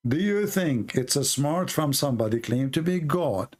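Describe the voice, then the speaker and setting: A man hosting a combative debate, pressing his caller with sarcastic, slowly repeated questions. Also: on the high side, lively intonation. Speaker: debate host. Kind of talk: combative live call-in debate.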